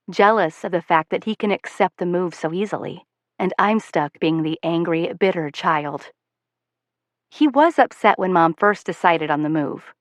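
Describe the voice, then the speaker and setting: A woman's voice: lowish voice, dry recording. A woman reading a novel aloud in the first person, wry, self-aware and conversational. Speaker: audiobook narrator.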